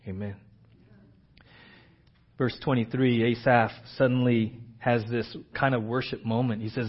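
A man preaching a sermon as pastor, moving between a hushed, slow prayer and loud, emphatic preaching. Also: mid-range voice, fairly even intonation, breathy edge. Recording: dull lo-fi church audio.

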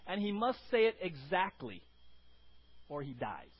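High, husky-voiced preaching pastor. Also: male voice, unhurried, lo-fi sound. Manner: animated preaching, asks the congregation questions. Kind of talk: sermon. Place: church sanctuary.

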